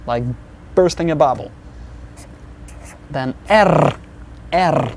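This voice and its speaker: A man teaching an alphabet lesson, sounding out each letter slowly and patiently, repeating sounds for the learner. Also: on the high side, expressive, darkish tone, a little hiss or hum. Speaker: language teacher.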